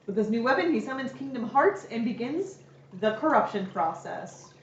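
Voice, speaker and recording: A woman's voice: on the high side, sing-song, normal speed. A young woman streamer casually recapping a game story at home, chatty and playful. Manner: chatty and playful, laughs often. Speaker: streamer giving a lecture. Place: home room. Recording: echoey room, distant dull mic.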